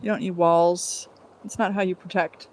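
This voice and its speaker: With a flat delivery and fairly low pitch, a woman talks at a normal pace while streaming from her phone on an outdoor walk. She drifts casually from one thought to the next, sighing now and then.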